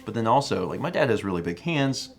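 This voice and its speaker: Low-voiced animated male streamer. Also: fast talker, loud music behind the voice. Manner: animated, playful, puts on silly voices when quoting. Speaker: co-host of a live stream show. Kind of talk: casual stream chat, reading viewer messages.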